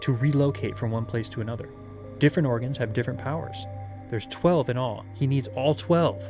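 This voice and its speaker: A man voicing a nervous, unkempt male lab technician who talks in a hushed, secretive way. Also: medium pitch, fairly quick, over music, close to an everyday voice.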